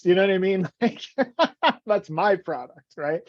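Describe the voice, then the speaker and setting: A man's voice: high voice, lively intonation, normal speed, no room sound. Rambly man in his 40s, keeps restarting his sentences, muffled lo-fi sound. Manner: rambling, stammering restarts, self-deprecating. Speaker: guest, vitality coach. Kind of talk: casual podcast conversation. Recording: dull, dry, lo-fi audio.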